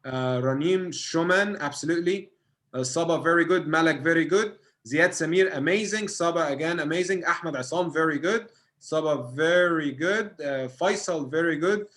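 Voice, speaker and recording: A man's voice: a little high, normal speed, fairly bright tone. Egyptian guy running an online prep class, upbeat, cheers students on. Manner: encouraging, reads students' answers aloud. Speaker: SAT tutor.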